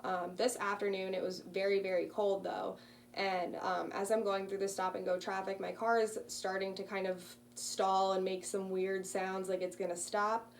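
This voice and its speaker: A woman's voice: mid-range voice, flat delivery, normal speed. A woman in her early twenties, a student casually telling a personal story with frequent ums. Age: early 20s. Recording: distant mic with faint hum.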